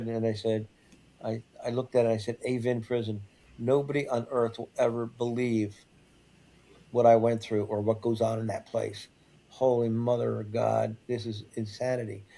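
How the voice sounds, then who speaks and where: Speaking in a mid-range voice with a darkish tone, an older interview-show guest recounts a personal story in first person. He falters, often repeating words and starting over.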